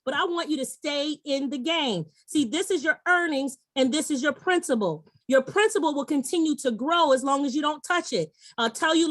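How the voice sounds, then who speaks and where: A woman's voice: sits high, a bit bright, dry recording. A middle-aged woman giving an enthusiastic, persuasive sales presentation online, talking straight to her audience.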